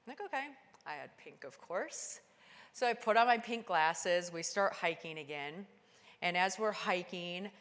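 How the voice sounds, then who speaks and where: A woman giving a motivational keynote talk, telling a climbing story and acting out the dialogue with sudden bursts of high excitement. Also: in a large hall. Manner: animated, acts out dialogue with sudden high-pitched exclamations. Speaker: keynote speaker. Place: conference stage in a large hall.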